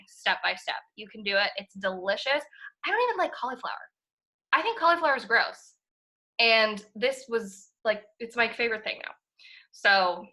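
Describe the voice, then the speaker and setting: Bright and forceful, this mid-range female voice belongs to a young podcast co-host chatting eagerly. Her casual talk is full of filler words, with a swear word here and there.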